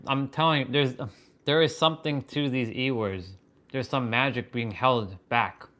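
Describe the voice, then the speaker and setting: A man hosting a livestream, musing aloud in halting, wondering phrases with bursts of excited swearing. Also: mid-range voice. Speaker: fitness and wisdom livestream host. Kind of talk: live stream musing.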